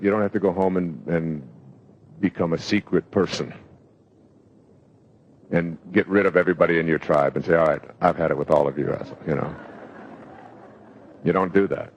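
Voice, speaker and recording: An older man giving a motivational lecture, telling stories in a reflective way with pauses and fillers. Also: sits low. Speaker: motivational speaker. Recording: dull lo-fi lecture recording.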